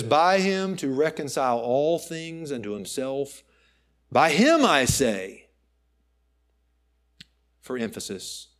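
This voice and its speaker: A man preaching a sermon, emphatic, swinging between raised and hushed phrases and slowing to stress key words. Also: mid-range voice. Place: church.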